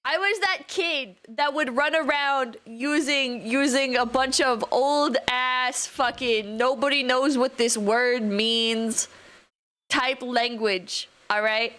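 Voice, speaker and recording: A woman's voice: high-pitched, takes it slowly, bright, forceful tone. A young adult woman streaming live, rambling casually, swearing now and then, and reading out chat messages.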